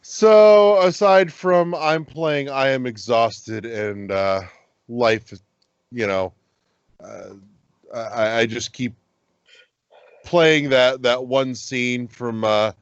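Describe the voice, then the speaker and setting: A man co-hosting a casual gaming podcast, rambling and swearing as he gets excited about games. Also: mid-range voice, drawn-out words, smooth, no room sound, muffled recording. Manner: rambling, profane, animated when excited. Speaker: podcast co-host.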